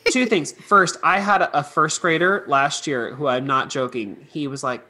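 A man's voice: a little high, unhurried, bright, forceful tone. A man chatting as a guest teacher, enthusiastic and rambling with lots of fillers. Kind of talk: casual chat.

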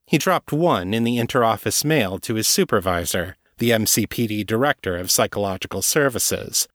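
A man narrating a novel in a measured, steady reading voice. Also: fairly low pitch, no room sound, clean studio sound. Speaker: audiobook narrator. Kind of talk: scripted narration.

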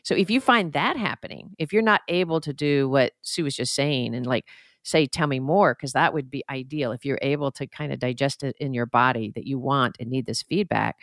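A woman's voice: extremely low pitch, a little fast, fairly bright tone, no room sound, studio quality. A woman therapist co-hosting a podcast, explaining in an earnest, reflective, conversational way. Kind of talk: casual conversational advice.

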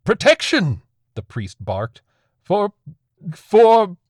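A man voicing a terrified priest who barks out high, shaky commands in a storybook reading. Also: very animated, very slow, mellow, dry recording, clean studio sound, full character voice. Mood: panicked. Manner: panicked, barking, shaky. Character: terrified middle-aged male priest.

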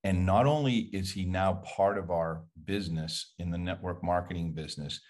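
A man speaking as a guest on a podcast in a measured, conversational way. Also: low voice, a little mellow. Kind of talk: casual conversation.

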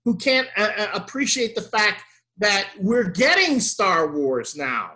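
High, bright-voiced ranting man. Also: unhurried. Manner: animated, ranting, gets loud and exasperated. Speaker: podcast co-host. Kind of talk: casual chat.

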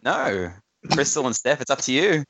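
A man's voice: medium pitch, sing-song, moderate pace, very noisy. A man hosting a casual quiz on a podcast, often laughing as he reads the questions. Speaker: quiz host.

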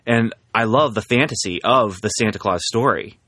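A man in a casual talk, choosing his words carefully with pauses and restarts. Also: on the low side, bright, forceful tone, slightly rough, dry recording, studio quality. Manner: careful, hesitant, many fillers and restarts. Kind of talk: casual chat.

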